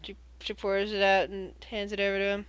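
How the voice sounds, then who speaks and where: A woman running a live-streamed tabletop game as game master, chatty and quick to laugh, with frequent restarts. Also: medium pitch, monotone, clean tone, dry recording.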